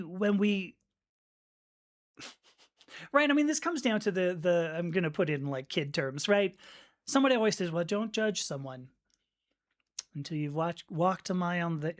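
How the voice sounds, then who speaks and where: A woman's voice: lowish voice, expressive, measured pace, long pauses. A woman hosting a live stream, chatting casually and reflectively as she reads and answers viewer comments, with restarts and small laughs. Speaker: livestream host reading viewer comments.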